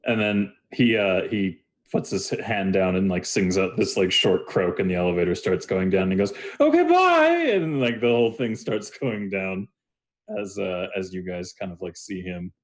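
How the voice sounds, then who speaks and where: A man with a lowish voice narrating a tabletop game as game master. He rambles in a loose, laid-back way, stringing scenes together with plenty of uhs and likes. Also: fairly even intonation, normal speed.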